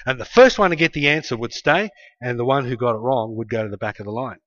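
A man preaching a sermon in an emphatic storytelling manner, tossing in "hey" asides and swinging from loud to quiet. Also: mid-range voice, quick pace. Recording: dull lo-fi sound.

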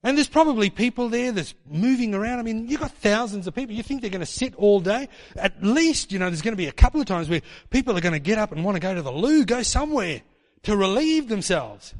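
A man preaching with a high voice that carries through a hall with a long reverb. He is animated and playful, slipping into mock voices when he quotes people. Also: quick pace. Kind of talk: sermon.

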